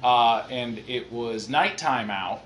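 A man's voice: medium pitch, takes it slowly, a bit bright, echoey room, a little hiss or hum. A man co-hosting a casual comedy podcast, telling rambling, self-deprecating stories. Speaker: podcast co-host.

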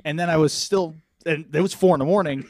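A man's voice: on the high side, fast, darkish tone. A young adult man, a podcast co-host, telling a rambling, profane story and laughing through it. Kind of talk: casual storytelling chat.

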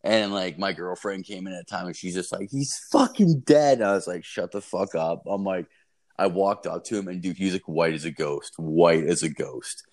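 A man telling a story in casual chat, rambling and swearing, often saying "like" and "dude" and jumping into high yelps for quotes. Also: fairly even intonation, normal speed.

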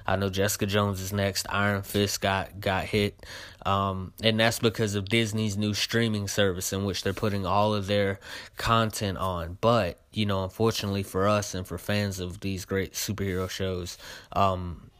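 A man's voice: low voice, little pitch movement, moderate pace, fairly bright tone, no room sound. A young man hosting his own show, giving a casual spoken review of a trailer, full of fillers and heated complaints.

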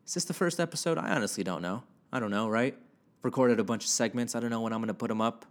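A man's voice: medium pitch, quick pace. A young man hosting a casual solo podcast from his house, rambling and joking at himself with casual swearing into a home microwave-close podcast mic. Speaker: podcast host. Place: house alone with his dog. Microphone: home podcast mic, gain turned up.

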